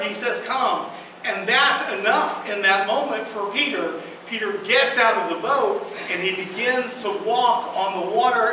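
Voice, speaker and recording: A woman pastor preaching a sermon in a church, earnest and emphatic, with slow dramatic pauses. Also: mid-range voice, sharp tone. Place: church sanctuary. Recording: echoey hall from far off, noisy.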